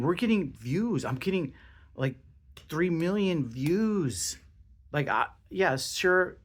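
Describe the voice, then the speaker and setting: A young man hosting his own podcast, talking casually in an excitable, rambling way with lots of swearing and restarts. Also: medium pitch. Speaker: podcast host. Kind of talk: casual solo podcast monologue.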